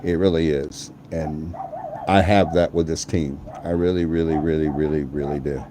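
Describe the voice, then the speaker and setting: Male host, deep voice, effusive, repetitive, casual live-stream chat. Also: fairly even intonation, normal speed, noisy background. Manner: effusive, repeats himself, talks to the chat. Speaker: host of a live paranormal show.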